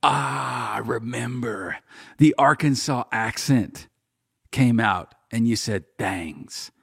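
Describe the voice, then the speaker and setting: A man's voice: mid-range voice, slow pace, vocal fry, husky, no echo, clean studio sound. A man from Oklahoma with a slight drawl, hosting a podcast in an upbeat, rambling way. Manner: upbeat, chatty, rambling with fillers. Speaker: podcast host. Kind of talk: casual podcast chat.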